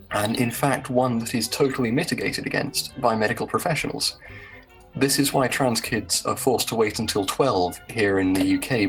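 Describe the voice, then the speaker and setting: A podcast host with an English accent talks at a middling pitch. They read an article aloud with wry asides and keep steering the casual group chat back on track.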